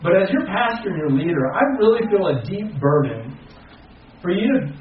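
A man preaching earnestly as pastor to a small congregation, rising loud and then dropping to soft, slow phrases. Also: high-pitched, big pitch swings, slight background noise. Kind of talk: sermon. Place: church hall with a small congregation. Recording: very echoey, distant and muffled hall recording.

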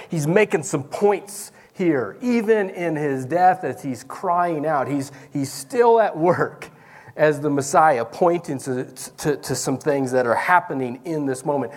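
A man preaching a sermon as pastor in a church service, talking in a conversational way and calling out to the congregation. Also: on the high side.

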